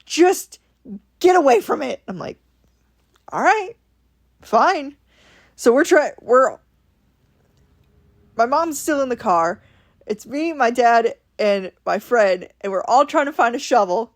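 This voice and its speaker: A woman from Ohio tells a story in a relaxed vlog style. She talks animatedly and acts out what everyone said, in a voice a little on the high side. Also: unhurried, pauses often. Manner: animated, quotes people in her stories. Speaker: vlogger. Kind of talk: casual storytelling.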